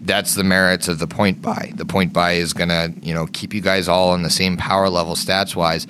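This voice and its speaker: A man's voice: low-pitched, little pitch movement, moderate pace, noisy background. A man co-hosting a tabletop gaming podcast and explaining how he runs his games, in loose casual chat with a lot of swearing. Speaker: podcast co-host and game master.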